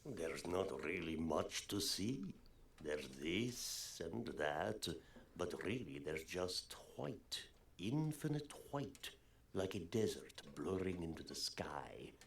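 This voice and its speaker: A brooding, cryptic colonel in charge of a forgotten outpost. His voice sits very low and he speaks slowly and heavily, often letting his words sink into a half-whisper. A faint hiss sits under the voice. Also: big pitch swings, gravelly, heavily acted. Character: gloomy cryptic small-town male colonel. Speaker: administrator of a remote outpost. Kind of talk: video game voice acting.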